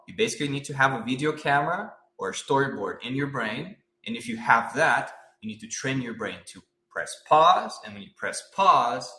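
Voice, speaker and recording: A man teaching storyboarding in a live-stream art lecture, animated and full of rhetorical questions, tagging lines with "right?". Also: medium pitch, reverberant. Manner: animated, asks many rhetorical questions, uses "right?" often. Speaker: concept artist teaching storyboarding.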